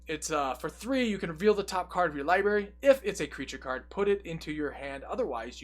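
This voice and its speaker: A fairly high-voiced young man talks through a card deck one card at a time. He reads the card text in a steady run, then breaks off into quick, joking asides in a casual, chatty tone. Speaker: deck tech presenter.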